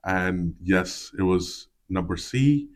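A man, a city councillor on a podcast, speaking in halting bursts full of ums and you-knows before firm statements. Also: low voice, animated. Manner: hesitant, heavy fillers, then firm. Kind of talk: casual chat.

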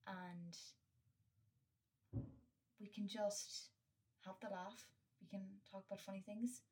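A woman's voice: mid-range voice, steady tone, takes it slowly, recorded from a distance, background noise. A young woman hosting her own podcast, talking candidly and earnestly in a casual solo monologue, swearing freely and with many fillers. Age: young adult. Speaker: podcast host.

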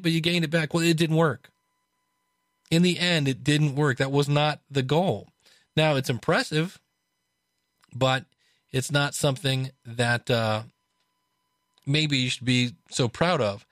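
A man casually talking through a book he is reading, chatty, with restarts and animated asides. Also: on the high side, dry recording, studio quality. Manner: conversational, frequent restarts and fillers. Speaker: podcast host reviewing a book.

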